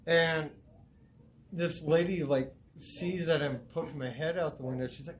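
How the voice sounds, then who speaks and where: Profane storytelling man, somewhat high voice. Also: fairly even intonation, moderate pace, slight background noise. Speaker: podcast co-host. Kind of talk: casual chat.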